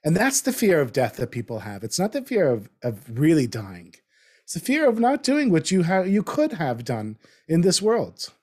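A man in his fifties talking in a relaxed conversation, reflective and getting animated as he makes a point. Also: a little high, moderate pace. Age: 50s. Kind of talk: casual conversation.

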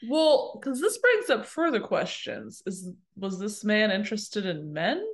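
A woman's voice: mid-range voice, sing-song, a little slow. A woman co-hosting a casual chat, reacting with questions, guesses and jokes. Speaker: podcast co-host hearing the book.

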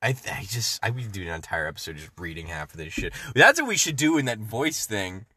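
A man's voice: lowish voice, very animated, brisk, bright, forceful tone, slightly rough, dry recording. A young man co-hosting a podcast, giggling often and joking crudely in casual chat. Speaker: podcast co-host. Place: car.

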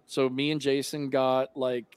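A man's voice: mid-range voice, flat delivery, unhurried, clean tone, no room sound. A man talking casually as a podcast guest, rambling with lots of fillers and restarts.

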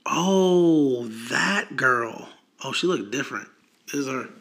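A man co-hosting a podcast in casual chat, swearing freely and telling stories with animated laughter. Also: mid-range voice, takes it slowly, creaky. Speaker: podcast co-host.

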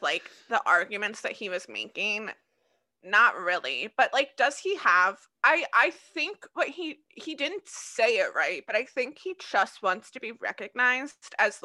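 A woman's voice: mid-range voice, bright, forceful tone. A woman co-hosting a podcast in casual chat, debating in a playful, teasing way. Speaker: podcast co-host.

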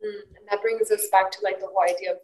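A woman's voice: mid-range voice, steady tone, very fast, a little mellow. A woman hosting a podcast, telling personal stories in a candid, open way and often saying "like". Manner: candid, open storytelling with frequent "like". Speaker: podcast host. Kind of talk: casual podcast conversation. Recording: roomy echo.

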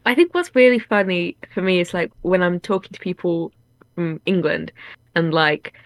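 A woman with a Scottish accent chatting casually, telling stories in a lively way with laughter. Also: fairly low pitch, normal speed, no room sound. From Scotland. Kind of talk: casual chat.

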